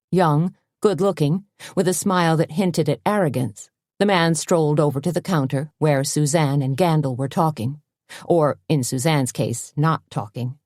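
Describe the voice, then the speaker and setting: A woman narrating a cozy mystery audiobook in an even, measured storytelling voice on a close mic. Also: sits low, dry recording. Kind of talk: scripted narration.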